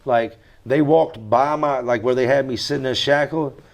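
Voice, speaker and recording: A man's voice: medium pitch, fairly even intonation, normal speed. Blunt, emphatic American man. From United States. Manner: blunt, emphatic street talk with repeated phrases. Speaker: interview guest. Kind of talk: candid storytelling interview.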